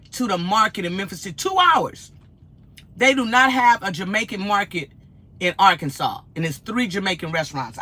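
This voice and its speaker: Woman from Los Angeles, truck-driver streamer, blunt and direct, bright tone, phone mic in the cab. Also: medium pitch. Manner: blunt, direct, animated storytelling. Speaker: livestream host, truck driver. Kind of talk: casual livestream chat.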